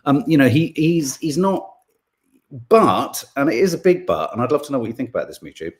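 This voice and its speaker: A man, hosting a podcast in casual chat and reading out viewer comments in a rambling, animated way. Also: mid-range voice, fairly quick. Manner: rambling, animated, full of restarts and asides. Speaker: podcast host.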